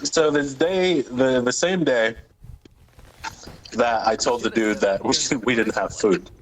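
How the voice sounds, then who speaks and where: A man's voice: mid-range voice, takes it slowly, a little hiss or hum, poor audio. A young man co-hosting a gaming video, telling a rambling work story in casual chat and laughing at his own tale. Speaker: gaming channel co-host. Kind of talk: casual chat over gameplay.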